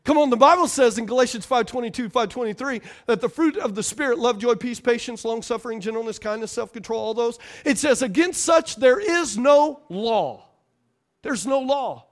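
A man with a strikingly high voice delivers a sermon. He leads the congregation in call-and-response, jokes along the way and repeats key phrases for emphasis. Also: moderate pace. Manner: call-and-response, playful preaching with laughs. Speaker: pastor.

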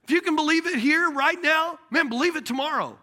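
A man preaching a sermon as a pastor, telling stories in an animated way. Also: very high voice, fairly quick.

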